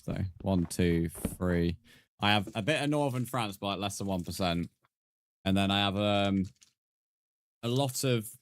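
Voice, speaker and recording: A man chatting casually on a game live stream, bantering with viewers, swearing, and counting blocks aloud. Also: low voice. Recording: background music under voice.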